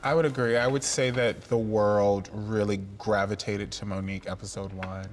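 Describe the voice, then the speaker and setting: A man's voice: lowish voice, fairly even intonation, normal speed, soft background music. A man, a drag queen guest, talking expressively in a casual interview and acting out other voices.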